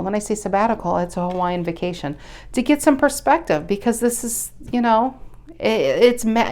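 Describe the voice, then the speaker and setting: A woman's voice: mid-range voice, a little mellow. A woman doing a casual tarot reading to camera, talking bluntly and chattily, swearing now and then and often restarting her sentences. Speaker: tarot reader.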